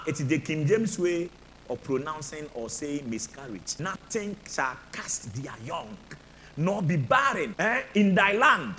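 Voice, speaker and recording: A male pastor preaching a healing sermon, shouting fervent declarations over the congregation. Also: high voice, a little hiss or hum.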